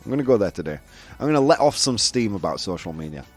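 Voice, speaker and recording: A man's voice: lowish voice, very animated, fast talker, husky, soft background music. A man with a Yorkshire accent hosting a casual show, chatting loosely with lots of fillers and laughs. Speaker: host. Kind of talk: casual live show chat.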